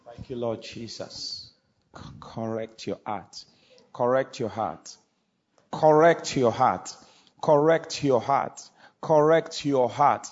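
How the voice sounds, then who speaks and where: A man's voice: medium pitch, slow pace. A man preaching, repeating his words insistently as he exhorts. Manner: repetitive, exhorting. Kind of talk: sermon. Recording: dull lo-fi sound.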